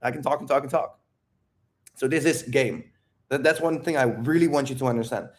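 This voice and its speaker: A man's voice: mid-range voice, brisk. A man who is not a native English speaker, hosting a live Q&A stream and talking energetically with plenty of swearing. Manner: energetic, profane, rambling. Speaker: livestream Q&A host. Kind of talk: live unscripted monologue to chat.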